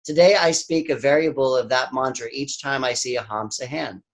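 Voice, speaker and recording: A man leads a spiritual reading with a calm, reflective delivery. His voice sits at an ordinary middle pitch, and he takes his time over each phrase. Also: moderate pace. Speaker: service reader.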